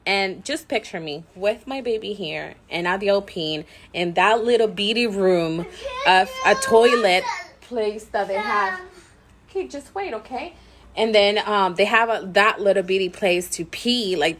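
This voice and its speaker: A mother vlogging to camera, telling a story in a chatty, animated way with many fillers and frequent laughter. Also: medium pitch.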